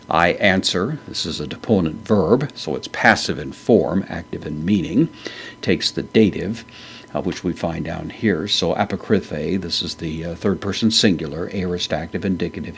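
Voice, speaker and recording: A man giving a methodical verse-by-verse grammar lesson, pausing often with "uh" fillers. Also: deep voice, slight background noise. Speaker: Greek New Testament teacher.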